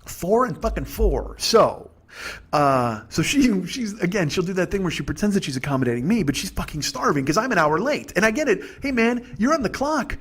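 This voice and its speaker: A man's voice: high-pitched, sing-song, fairly quick, fairly bright tone, slightly rough. A man hosting a podcast, telling a rambling, profane comic story with lots of stammering restarts. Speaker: podcast host.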